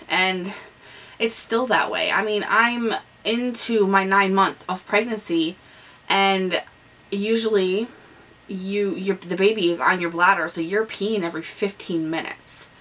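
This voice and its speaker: A woman's voice: medium pitch, a little slow, a bit bright, recorded from a distance, low-quality recording. A young woman vlogging a candid, chatty pregnancy update, with lots of ums and restarts. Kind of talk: casual pregnancy update vlog. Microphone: camera on a stand nearby.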